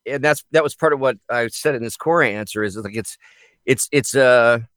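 A man's voice: medium pitch, moderate pace, fairly bright tone, no echo. A male voice actor talking in a casual chat, earnest and reflective, often restarting his sentences.

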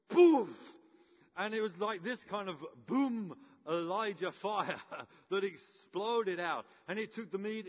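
High-voiced preacher in a reverberant hall. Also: male voice. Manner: storytelling, acts out characters with playful humour. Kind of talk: sermon. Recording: muffled with long hall reverb.

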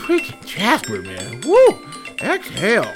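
A man's voice: high-pitched, wildly swooping pitch, takes it slowly, faint music behind. A man hosting a comedic podcast, ranting in exasperation and swearing often. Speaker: podcast host. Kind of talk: comedic solo podcast monologue.

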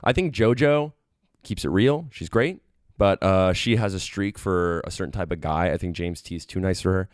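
A man with a very low voice co-hosting a podcast, rambling through playful analogies and bold calls. The sound is close and dry. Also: moderate pace, no room sound. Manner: rambling, playful, makes confident predictions. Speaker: podcast co-host. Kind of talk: casual chat.

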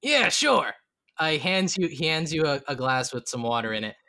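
A man's voice: a little high, expressive, quick pace, bright, forceful tone, clear, resonant tone. A man narrating as game master in a tabletop game, loose and chuckling, with many fillers.

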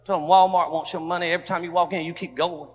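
A pastor preaching a fervent sermon in a church, repeating phrases and quoting people in dialogue. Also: male voice, fairly high pitch, steady tone, quick pace. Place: church sanctuary. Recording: echoey church hall.

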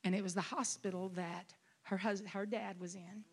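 A middle-aged woman pastor preaching a sermon, telling a personal story with rising emotion and shouting. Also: mid-range voice, fairly even intonation, moderate pace, hardly any pauses. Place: conference hall.

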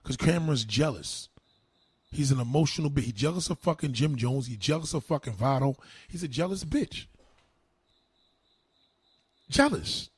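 A man's voice: medium pitch, animated, moderate pace, long pauses, slightly rough, no echo. Combative man ranting on a livestream. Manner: loud, combative, profane, mocking. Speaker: livestreamer reacting to chat. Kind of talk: live-stream rant.

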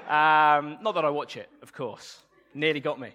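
A man's voice: on the high side, expressive, normal speed, pushed and bright, a little hiss or hum. A man preaching a Sunday sermon, playful and asking the congregation questions.

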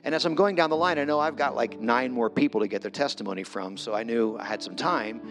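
A man's voice: mid-range voice, fast talker. A middle-aged man giving a conversational storytelling sermon as a guest preacher, self-deprecating and acting out his own quotes. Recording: long hall reverb with music.

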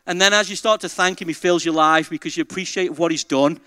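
A man preaching a sermon as pastor, moving between quiet reflection and loud, joyful exhortation to the congregation. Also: on the high side, quick pace, clean tone, no room sound.

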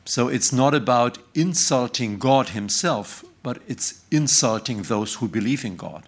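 A man's voice: mid-range voice, lively intonation, unhurried. A man with a German accent giving an academic conference lecture in a conference room, hesitating often with filler sounds between phrases. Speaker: conference speaker, professor.

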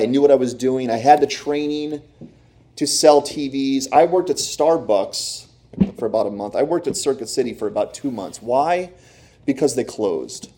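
A man preaching a sermon, telling a lively personal story and acting out the voices of others. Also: medium pitch. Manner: animated storytelling, acts out quoted voices. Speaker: pastor.

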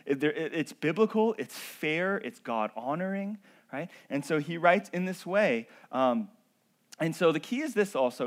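A male pastor giving a sermon in a conversational way, checking in with the congregation with "okay?" and "right?", and building to emphatic, drawn-out peaks. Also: fairly high pitch.

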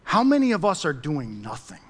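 A man preaching a sermon as pastor, pressing his points by repeating them, then praying softly. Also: huge pitch swings, a little fast, breathy edge. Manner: emphatic, repeats key phrases; drops to a soft low voice for prayer.

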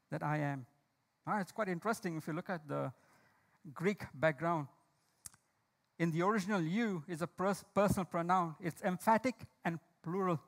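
A male preacher with a very high voice delivers a sermon. He asks the congregation questions and calls on people by name. He slows right down to press home each key line. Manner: slow, emphatic delivery of key lines. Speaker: pastor.

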